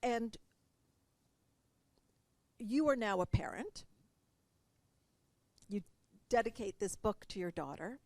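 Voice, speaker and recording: A woman's voice: medium pitch, animated, slow pace, pauses often, darkish tone, no room sound. A woman interviewing an author about his book, giving context and asking questions with playful asides. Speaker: interviewer and coach. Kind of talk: interview conversation.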